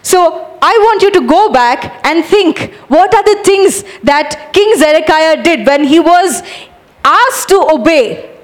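A woman with a high voice delivers a lively sermon to her congregation. She urges her listeners on with energetic calls and animated, acted-out demonstrations. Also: slow pace. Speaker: preacher.

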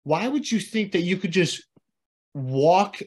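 Male podcast co-host, husky voice, animated casual storyteller, salty language. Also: sits high, takes it slowly. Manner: animated storytelling, lots of swearing, acts out quoted people.

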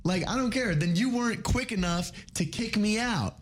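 A young man hosting a college morning radio show, upbeat and laughing often, reading plugs briskly. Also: high-pitched, slight background noise. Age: young adult. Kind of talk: casual morning radio chat.

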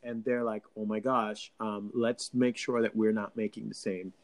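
A man chatting casually as a co-host, rambling and animated with frequent restarts, from Long Island. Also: lowish voice, moderate pace. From Long Island, New York. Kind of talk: casual chat.

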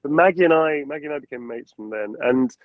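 A man's voice: fairly high pitch, fast. A man, a voice actor, chatting casually in an interview and dipping into character voices to make his points. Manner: animated, slips into character voices for examples. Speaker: voice actor guest. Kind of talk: casual video call interview. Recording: dull lo-fi dry sound.

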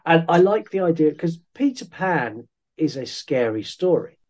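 A man's voice: fairly high pitch, big pitch swings, unhurried, darkish tone. A man co-hosting a podcast in casual chat, bringing up news items with enthusiasm. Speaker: podcast co-host.

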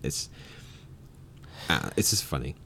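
A man in casual chat, telling stories in an animated, profane way. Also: a bass voice, slow pace, gravelly, breathy edge.

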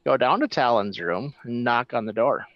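A man playing a tabletop game, speaking in a measured, terse way. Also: medium pitch, dry recording. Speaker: player. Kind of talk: tabletop role-play. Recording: dull lo-fi sound.

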